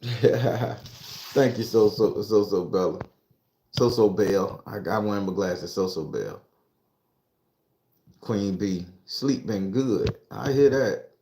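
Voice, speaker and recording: A man's voice: fairly low pitch, slow pace, pauses often, dark tone, echoey room, a little hiss or hum. A man who works as a spiritualist and tarot reader, talking to his followers in a casual monologue that is profane and preachy and full of joking asides.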